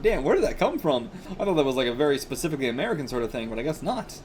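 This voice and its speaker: A man's voice: medium pitch, big pitch swings, very fast, a little hiss or hum. A man hosting a manga reaction video, talking in a chatty, casual way, laughing often and filling his talk with "like" and "you know".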